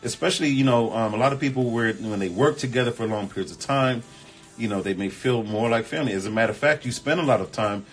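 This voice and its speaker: A man hosting a casual relationship advice chat, reading viewer comments and answering in an animated, emphatic, colloquial way. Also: mid-range voice, quick pace, faint music behind. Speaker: host.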